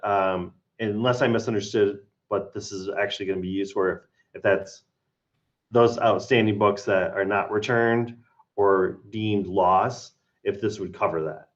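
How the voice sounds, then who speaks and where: A man speaking cautiously in a school council meeting over a video call. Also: fairly low pitch. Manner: cautious, halting. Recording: dull lo-fi call audio.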